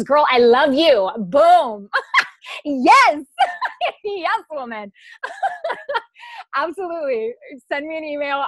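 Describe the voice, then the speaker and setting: A woman's voice: fairly high pitch, no echo. A woman hosting a live online masterclass, talking to participants over a video call in an encouraging, affectionate way. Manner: warm, encouraging, affectionate with the audience. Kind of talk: live webinar Q&A.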